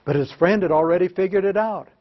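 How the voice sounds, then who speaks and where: A man's voice: high-pitched, fast. A man presenting a workshop to teachers, telling joking, self-mocking classroom anecdotes and leading the audience in repeating phrases. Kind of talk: storytelling lecture with audience call-and-response. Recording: slightly dull lo-fi recording.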